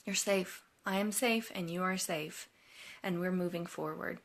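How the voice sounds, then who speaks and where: A woman voicing a calm, forgiving man, speaking softly and reassuringly. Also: on the low side, a little slow. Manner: soft, reassuring, gentle.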